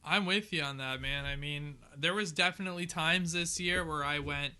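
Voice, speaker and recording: Upbeat joking male co-host, high voice, very bright and crisp tone, casual sports chat. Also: normal speed.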